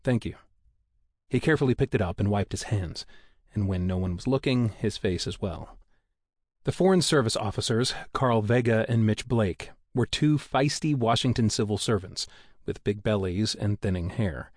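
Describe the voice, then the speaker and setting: Low-voiced man narrating a thriller audiobook. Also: moderate pace, darkish tone, no echo, studio quality. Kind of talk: scripted narration.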